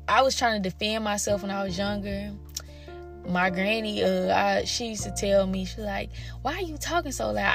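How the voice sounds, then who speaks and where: A woman's voice: mid-range voice, creaky. A young woman, a parent, telling frank, profane stories straight to her viewers, acting out the voices of her family as she goes. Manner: frank and profane, acts out quoted family members. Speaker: parent sharing personal stories. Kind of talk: candid personal storytelling to viewers.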